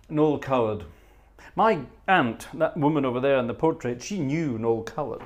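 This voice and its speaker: A man's voice: medium pitch, normal speed, lo-fi sound. A man hosting a live organ music stream, chatting playfully, thanking viewers and humming tunes between pieces. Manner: playful, teasing, hums tunes and reads out viewer names. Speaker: livestream host playing organ.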